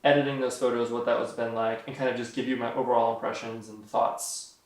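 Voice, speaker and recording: A man's voice: mid-range voice, flat delivery, a little fast. A young man coaching a client through a video outline, rambling and encouraging with many likes and restarts. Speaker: video producer guiding a client. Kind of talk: casual coaching during a shoot. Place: indoor filming room. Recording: echoey room, voice far from mic.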